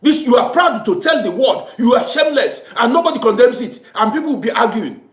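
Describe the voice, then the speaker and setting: Scolding man, high lively voice. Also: fairly quick, reverberant. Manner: preachy, scolding, repetitive. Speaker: social commentator. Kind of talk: impassioned moral monologue.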